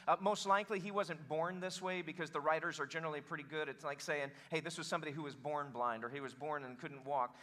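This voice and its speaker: A male pastor preaching a sermon in a lively, joking way, calling on the congregation to answer. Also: on the high side. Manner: animated, joking, calls for congregation response.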